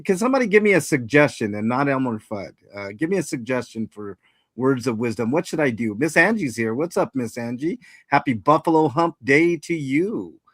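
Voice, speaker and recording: A man's voice: mid-range voice, fairly bright tone, no echo. Rambling, self-mocking male stream host. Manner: rambling, self-mocking, reads chat aloud. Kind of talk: casual live-stream chat.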